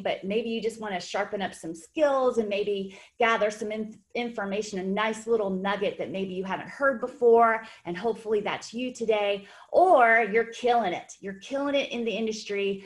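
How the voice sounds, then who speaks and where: A woman's voice: mid-range voice, moderate pace, few pauses. A woman hosting a webinar for fitness trainers, with an upbeat, encouraging, conversational manner. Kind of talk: webinar presentation.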